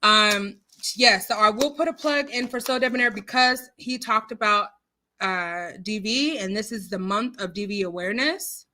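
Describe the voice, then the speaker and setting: A woman's voice: medium pitch, moderate pace, bright, forceful tone. A woman hosting a casual livestream, reading viewer comments aloud in a chatty, giggly, rambling way with lots of fillers. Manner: talks with her hands. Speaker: livestream host.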